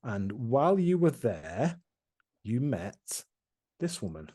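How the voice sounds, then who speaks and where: Husky-voiced man recapping a tabletop game. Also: medium pitch, big pitch swings, slow, warm tone. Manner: rambling, many fillers and restarts. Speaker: game master.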